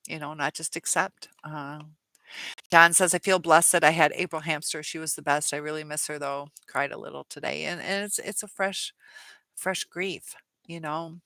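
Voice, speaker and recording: A woman's voice: low-pitched, steady tone, normal speed, sharp tone, no room sound. A woman hosting a live chat Q&A, reading viewer comments aloud and answering them in a chatty way with many fillers. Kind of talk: casual live-stream chat.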